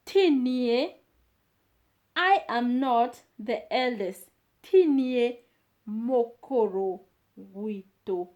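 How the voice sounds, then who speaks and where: A woman gives a beginner language lesson in a high voice. She speaks very slowly, saying each phrase several times with many pauses and fillers in between. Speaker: language teacher.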